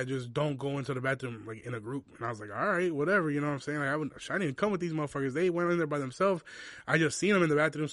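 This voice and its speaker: A man's voice: fairly high pitch, fairly bright tone, no room sound, clean studio sound. A young man, a comedian hosting his podcast, telling a story in casual slang with lots of fillers and laughter.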